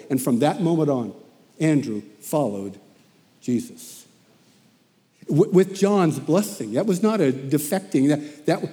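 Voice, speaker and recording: A man preaching a sermon as animated storytelling, often repeating himself as he goes. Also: on the high side, unhurried, long reverb tail.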